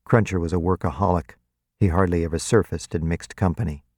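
A man narrating a novel in the first person in a wry, even way, close to the mic. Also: deep voice, a little fast, dry recording. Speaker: audiobook narrator.

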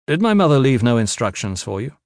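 A man voicing a weary, guarded lord who speaks quietly with dry humor in an audiobook. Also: medium pitch, sing-song, brisk, no room sound. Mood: wry. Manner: quiet, wry.

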